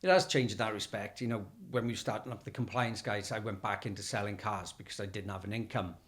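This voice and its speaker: A man hosting an interview, relaxed and plain-spoken, swapping anecdotes from his own work. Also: lowish voice, fast. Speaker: podcast host. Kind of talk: conversational interview.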